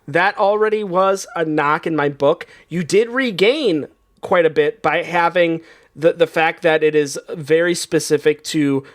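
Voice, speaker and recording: Man, comedy game host, high-pitched and playful, laughs easily through the banter. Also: measured pace.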